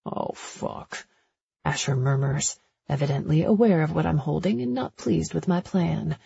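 Woman narrator for a first-person romance audiobook; raspy, gravelly, breathy and intimate, dull lo-fi sound. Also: low voice, normal speed, dark tone.

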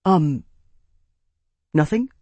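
A narrator voicing a young man, an embarrassed captain who talks haltingly and rambles with fillers, in an audiobook. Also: a little high, expressive, warm tone, no echo, full character voice. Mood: flustered. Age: young adult.

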